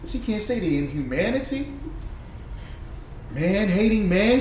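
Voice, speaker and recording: A man giving animated, preachy and profane reaction commentary on played clips, laughing often. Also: sits high, measured pace. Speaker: online commentator. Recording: echoey room, far from the mic, faint noise.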